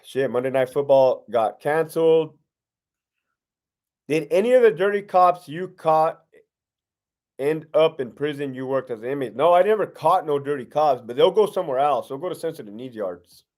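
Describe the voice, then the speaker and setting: Blunt, foul-mouthed middle-aged man, pitched fairly high. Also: lively intonation, normal speed, a little mellow. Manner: blunt, heavily profane, streetwise slang. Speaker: former prison guard lieutenant hosting a live stream. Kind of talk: casual live-stream Q&A reading viewer questions.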